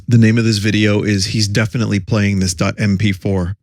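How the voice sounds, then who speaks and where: A man's voice: on the low side, flat delivery, brisk, few pauses, darkish tone, no echo, studio quality. A man streaming and reacting to old commercials in casual, rambling commentary with chuckling asides.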